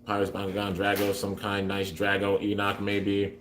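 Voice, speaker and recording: A man's voice: on the low side, monotone, moderate pace, a bit bright, roomy sound, a little hiss or hum. A young man hosting a toy giveaway on a livestream, chatty and upbeat as he reads out comments from viewers. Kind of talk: casual livestream chat.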